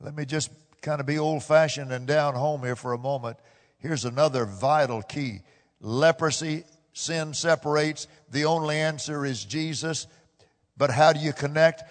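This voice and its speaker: A high-pitched man preaches at an unhurried pace from the pulpit of a church. His voice rises into loud, shouted peaks and falls back again. The sound carries a long reverb from the large hall around him. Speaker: pastor. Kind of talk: sermon. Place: church sanctuary.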